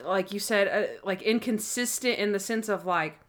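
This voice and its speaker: A woman in casual chat about a TV episode, animated and laughing often, acting out characters' lines. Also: medium pitch, normal speed. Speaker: podcast co-host.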